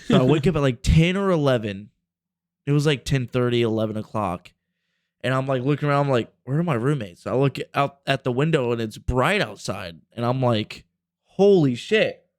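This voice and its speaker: A man's voice: mid-range voice, brisk, no room sound, clean studio sound. A man in his twenties telling a rambling, profane story on a casual podcast. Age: 20s. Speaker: podcast host.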